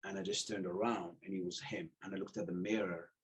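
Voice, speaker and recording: A middle-aged man telling stories in casual chat, animated, acting out the voices of the people he quotes and swearing freely. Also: sits low, fairly quick, slightly rough. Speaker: podcast guest telling stories.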